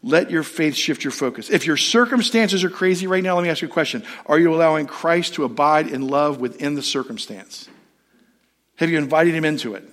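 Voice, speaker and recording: A pastor delivering a sermon from a church stage in a slightly higher than average male voice. He tells personal stories in a loose, conversational way and keeps turning to the congregation with questions. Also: a little fast, a bit bright. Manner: storytelling, conversational, asks the audience questions.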